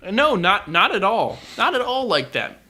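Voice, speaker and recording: A man's voice: sits high, big pitch swings, moderate pace, bright, forceful tone. A man co-hosting a podcast in casual chat, often stammering and repeating words as he searches for them. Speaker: podcast co-host.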